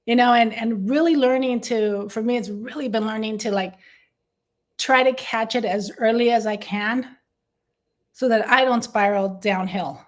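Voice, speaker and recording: Woman guest, raised pitch, earnest testimonial delivery, halting restarts. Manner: earnest and heartfelt, with frequent restarts. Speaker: guest, business consultant and co-host. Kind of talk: faith-based conversation, personal testimony.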